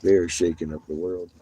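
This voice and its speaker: A man's voice: low voice, dark tone, husky. A man livestreaming from his vehicle, chatting casually with viewers, laughing often and swearing freely.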